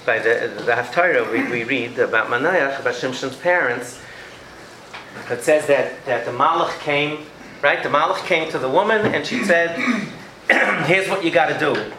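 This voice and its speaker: Animated man lecturing in an echoey room. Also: a little high, normal speed, noisy background. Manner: animated, acts out scenes with his children. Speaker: educator giving a parenting talk. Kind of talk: lecture with audience questions.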